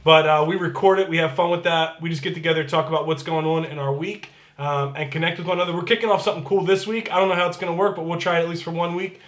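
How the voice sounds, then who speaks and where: A man's voice: on the high side, steady tone, fast, hardly any pauses, a bit bright, echoey room. A man serving as pastor, giving casual church announcements in an upbeat, chatty way and reading scripture aloud.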